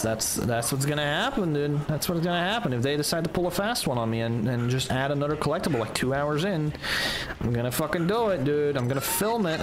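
A man doing let's play commentary as a gaming streamer, ranting with profane exasperation. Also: medium pitch. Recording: clear background noise.

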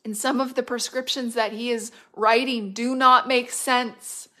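Prophetic minister, woman, middle-aged, higher voice; fervent, builds to loud declarations, drops to a hush. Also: fairly even intonation, unhurried. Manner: fervent, rising to loud declarations and dropping to hushed whispers. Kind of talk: prophetic word delivered to listeners.

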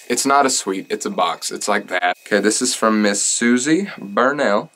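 A man's voice: mid-range voice, moderate pace, few pauses, a bit bright, poor audio. A young man chatting casually and joking at his own expense as he opens fan mail. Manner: joking and self-deprecating. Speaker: singer and vlogger.

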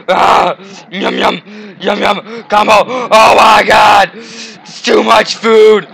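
A man playing a video game and commenting, excitable, often shouting and taunting the enemies on screen. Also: sits high, slow, creaky, a little hiss or hum, rough recording. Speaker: gamer. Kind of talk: let's play commentary.

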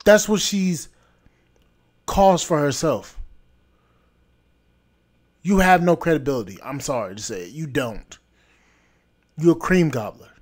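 Blunt higher-voiced man ranting. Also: animated, unhurried, long pauses. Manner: blunt, repetitive, scolding. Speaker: podcast host. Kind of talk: opinion rant.

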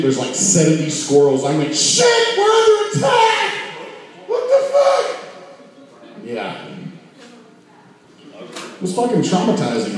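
A man does rowdy, foul-mouthed stand-up on a bar stage. His pitch swings widely as he performs. The sound is very echoey and distant, as if recorded from the back of the room. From Oklahoma, US. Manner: profane, rowdy, animated. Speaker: stand-up comedian. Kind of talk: stand-up comedy. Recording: echoey club from far off.

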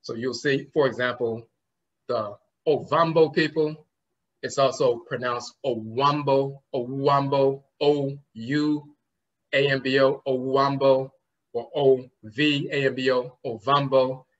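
A man's voice: medium pitch, fairly even intonation, unhurried. A man giving a conference lecture, explaining word roots and spelling terms out letter by letter, often trailing off with "and so forth". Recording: slightly muffled lo-fi recording.

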